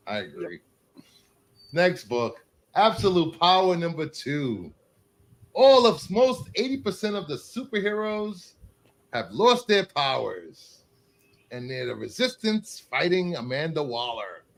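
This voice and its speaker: Lively-voiced male podcast host. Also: a little high, measured pace, rough recording. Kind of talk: casual chat.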